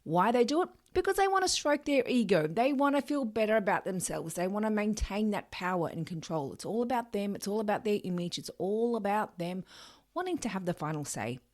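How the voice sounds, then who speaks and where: Woman, solo podcast host, emphatic delivery, mid pitch. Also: lively intonation, brisk, darkish tone. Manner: emphatic, acts out quoted thoughts of others.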